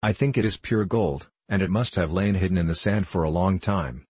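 A man with a low, husky voice reading the lines of an earnest, prim young farm girl in an audiobook story. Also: normal speed, a little mellow, dry recording.

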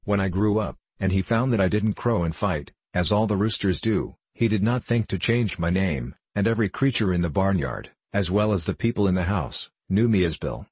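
A man with a low, husky voice reading the lines of a gruff, blunt female yellow hen in an audiobook story. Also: animated, moderate pace, few pauses, dry recording. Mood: matter-of-fact. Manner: gruff, blunt and self-assured.

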